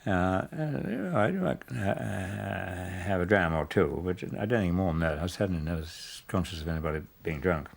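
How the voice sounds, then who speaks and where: A man's voice: deep voice, animated, normal speed, creaky, hardly any pauses, background noise. A man telling rambling anecdotes in a documentary interview.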